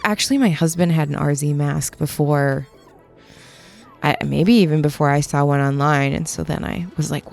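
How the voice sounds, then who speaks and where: A young woman records a casual, rambling voiceover over her workshop footage, teasing herself as she goes. Her voice sits a little low and has a gravelly fry. Faint music plays under her words. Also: moderate pace, a little mellow. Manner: rambling, self-mocking, laughs often. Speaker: metalsmith and video maker. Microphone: studio voiceover mic.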